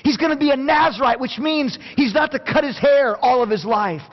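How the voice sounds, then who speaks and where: A man preaching a sermon, passionate, going from quiet to near shouting and acting out scripture quotes. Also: very high voice, fairly quick. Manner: plays out Bible quotes in acted voices. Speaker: pastor. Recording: dull sound with long hall reverb.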